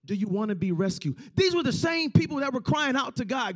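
A man's voice: very high-pitched, sing-song, a little fast, hardly any pauses. A man preaching a sermon, stressing points by repeating lines and acting out quoted voices.

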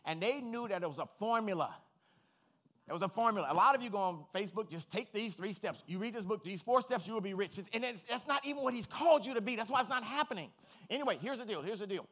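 A male pastor with a high-pitched, expressive voice talks fast through an emphatic sermon. He repeats phrases and climbs to peaks of shouting fervor.

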